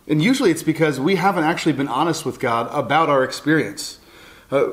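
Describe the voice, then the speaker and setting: A middle-aged man giving an earnest, heartfelt sermon, often restarting his phrases as he speaks. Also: medium pitch. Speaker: pastor and counselor.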